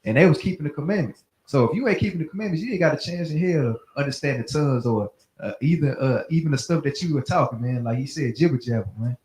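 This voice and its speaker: A man with a Southern US accent makes an earnest point in a casual bible discussion. He talks fast, in a voice a little high for a man. The room around him echoes. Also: darkish tone. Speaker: class member.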